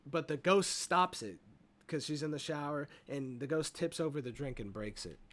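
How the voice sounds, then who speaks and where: A man's voice: fairly high pitch, moderate pace, a bit bright. A man casually retelling a movie plot in a rambling review, swearing freely and leaning on fillers. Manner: rambling, profane, full of fillers like "you know".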